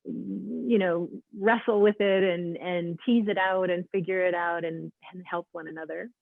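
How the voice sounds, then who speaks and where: A woman's voice: lowish voice, steady tone, unhurried, vocal fry, dry recording. Woman hosting over a tinny line. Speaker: webinar host. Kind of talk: hosting a webinar interview. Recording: tinny phone-like line, dry.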